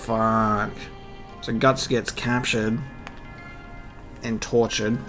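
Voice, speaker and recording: A man reacts to a manga he is reading for the first time. He talks slowly and casually, musing aloud with plenty of pauses and fillers. Faint music sits behind his voice. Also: on the low side, little pitch movement. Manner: chatty and musing, with frequent laughs and fillers. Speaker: reaction channel host. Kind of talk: casual manga read-along.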